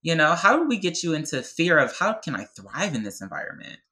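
Passionate woman with a bright voice. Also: low voice, very animated, a little fast, low-quality recording. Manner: passionate, emphatic, often adds "right?". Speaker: podcast guest. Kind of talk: heartfelt podcast conversation.

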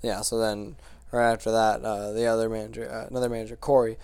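Young male co-host, gravelly, laid-back and halting, dry recording. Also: fairly low pitch, no room sound. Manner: relaxed, halting, eating while talking. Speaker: podcast co-host. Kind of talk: casual chat.

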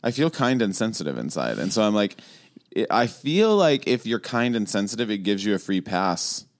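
A man's voice: lowish voice, sing-song, normal speed. A man co-hosting a podcast in casual chat, who talks intensely and animatedly, laughing often. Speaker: podcast co-host.

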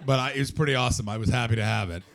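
A man doing stand-up comedy, telling a story to a live audience in an animated way, getting loud when acting out scenes. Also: medium pitch, racing.

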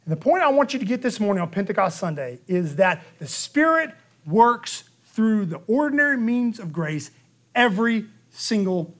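A man preaching a sermon, telling the story lively and acting out the quotes, with a frequent "okay?" to the room. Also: high voice. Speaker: pastor.

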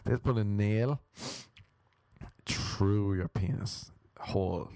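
A man's voice: on the low side, takes it slowly, mellow, dry recording. A young Irish man doing a crude, rambling comic monologue, laughing at his own stories and slipping into mock voices. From Ireland. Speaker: comedian.

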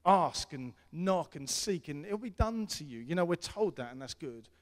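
A middle-aged man preaching a sermon as pastor, earnest and repetitive, swinging between loud appeals and hushed tones. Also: a little high, lively intonation, normal speed. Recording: long hall reverb.

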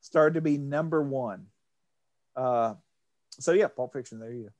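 A man's voice: mid-range voice, unhurried, darkish tone, dry recording. A man hosting a casual podcast, reading out box office figures in a jokey way. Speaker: podcast host. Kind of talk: casual chat.

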